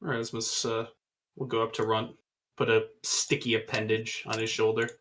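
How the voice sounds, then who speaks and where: Low-voiced man playing a tabletop game. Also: flat delivery, a bit bright. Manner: halting, with many fillers, in-character asides. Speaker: player. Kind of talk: tabletop role-play.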